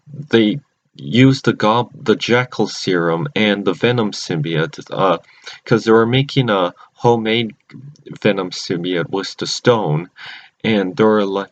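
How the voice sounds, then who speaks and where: A man casually recapping cartoon episodes, rambling and often restarting or correcting himself mid-sentence. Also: low-pitched. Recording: dull lo-fi recording.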